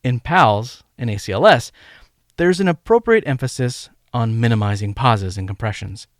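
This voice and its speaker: Man giving a dry, measured medical lecture. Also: medium pitch, expressive, dry recording. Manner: measured, emphatic teaching delivery with rhythmic counting. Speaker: podcast host and medical educator.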